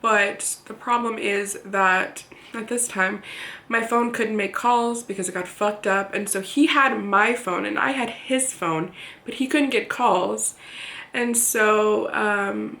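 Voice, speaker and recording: A woman in her thirties telling a personal story to camera in a candid, halting, plain-spoken way. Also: mid-range voice, vocal fry, fairly bright tone, roomy sound. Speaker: vlogger.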